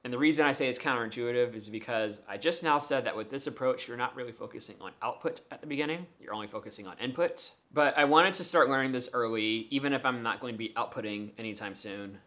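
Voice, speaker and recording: A man's voice: mid-range voice, fast, few pauses, sharp tone. A man with a mid-range voice, an English speaker, walks through his learning method in a vlog. He explains methodically, step by step, with lots of examples. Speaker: language-learning vlogger.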